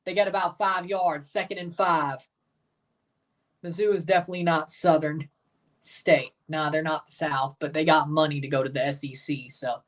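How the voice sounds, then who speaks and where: A woman hosting a live game watchalong, giving chatty, blunt reaction commentary and bursting into excited cheers. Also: sits low, moderate pace, far from the mic. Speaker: livestream watchalong host.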